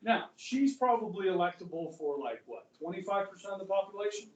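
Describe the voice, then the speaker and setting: A high-school history teacher with a high-pitched, lively voice talks fairly quickly in a chatty, rambling lecture, often checking in with his students. The recording sounds distant, captured from far off in an echoey classroom.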